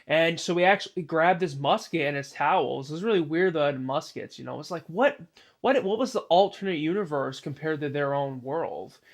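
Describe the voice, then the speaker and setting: Male storyteller, slightly high voice, rambling improvised narration with lots of "you know.". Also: lively intonation, moderate pace.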